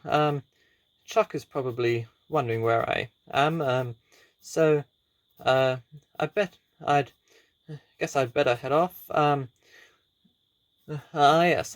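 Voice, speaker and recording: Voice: mid-range voice, dry recording. A comedy performer in an improvised sketch who rambles hesitantly, full of fillers and false starts. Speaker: sketch creator and main character.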